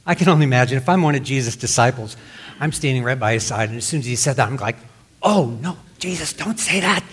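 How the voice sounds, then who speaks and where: A man's voice: medium pitch, racing, a little hiss or hum. A man preaching a sermon, reading scripture aloud and explaining it in plain words. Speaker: pastor.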